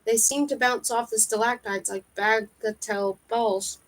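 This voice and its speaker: A woman reading a fantasy novel aloud in steady storybook narration. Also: a little high, normal speed, few pauses, poor audio. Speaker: reader.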